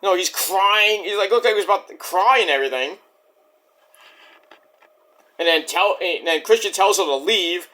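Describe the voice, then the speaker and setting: A man with a high, bright, forceful voice rambles through a wrestling recap. His pitch swings widely as he jumps between retelling and crude side comments. It has the loose, unscripted feel of a casual vlog. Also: normal speed, long pauses. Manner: animated, rambling, profane asides. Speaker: wrestling show reviewer.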